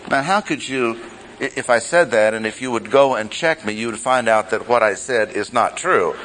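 A man teaching a Bible study class, speaking deliberately and repeating key phrases for emphasis. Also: medium pitch, lively intonation, a bit bright, slight background noise, rough recording.

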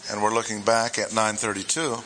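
A man giving verse-by-verse Bible teaching to a gathered group, deliberate and emphatic, stressing and repeating his key points. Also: fairly low pitch, level tone, fairly bright tone, a little hiss or hum, low-quality recording.

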